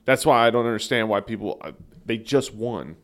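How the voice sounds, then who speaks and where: A man co-hosting a comedy sports podcast, telling rambling stories in an animated way that often breaks into laughter. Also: mid-range voice, a little fast. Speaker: podcast co-host. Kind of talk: casual comedic sports chat.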